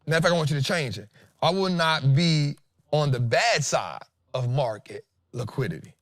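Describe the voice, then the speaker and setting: Animated fortysomething man host, dry sound. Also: fairly high pitch, moderate pace, no room sound. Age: 40s. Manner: animated, emphatic, repeats lines for effect, slangy. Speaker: stock trading show host. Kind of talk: casual trading talk and chart breakdown.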